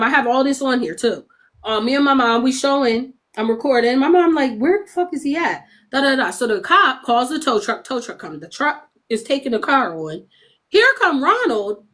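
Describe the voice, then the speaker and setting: A young adult woman livestreaming, telling a story casually to her chat, animated and profane, laughing often and acting out what others said. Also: on the high side.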